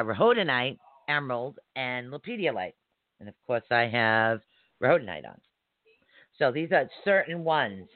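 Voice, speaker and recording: A man's voice: mid-range voice, dry recording. A man giving a casual spiritual lesson, listing crystals one by one, correcting himself and checking in with "okay?". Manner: chatty, lists items with frequent "okay?" asides; self-correcting, laughs at himself. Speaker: spiritual teacher. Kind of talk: casual instructional talk. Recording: dry, tinny phone-like audio.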